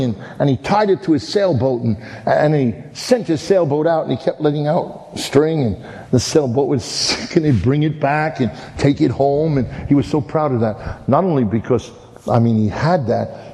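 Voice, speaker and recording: A man's voice: mid-range voice, dark tone. A man preaching a sermon as a folksy story, often repeating "and, and" as he tells it. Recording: long hall reverb.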